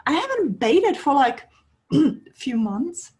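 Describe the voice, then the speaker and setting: A woman doing a frantic, squeaky big bad wolf. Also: sing-song, takes it slowly, heavily acted. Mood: astonished. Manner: frantic, high and loud. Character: panicked big bad male wolf, scruffy.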